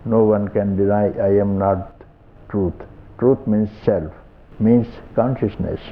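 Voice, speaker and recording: An older man with an Indian English accent giving a slow, repetitive satsang talk as a spiritual teacher, often chuckling softly. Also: lowish voice, fairly even intonation. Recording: tinny lo-fi archival tape.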